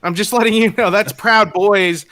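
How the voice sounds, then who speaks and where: Guy with a high bright voice cracking jokes on a podcast, dry close mic. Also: steady tone, dry recording. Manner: joking, teasing, quick asides. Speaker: podcast co-host. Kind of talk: casual podcast banter.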